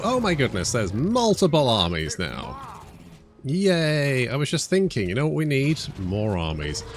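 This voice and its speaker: A British man casually commentating a strategy game, chatty and rambling with joking asides. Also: medium pitch. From Britain. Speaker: gaming YouTuber. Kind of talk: casual let's-play commentary.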